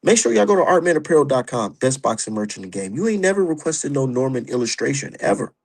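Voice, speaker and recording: A man's voice: medium pitch, big pitch swings, quick pace, gravelly, a little mellow. A man ranting about boxing on his stream, heated, profane and mocking. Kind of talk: opinionated casual rant.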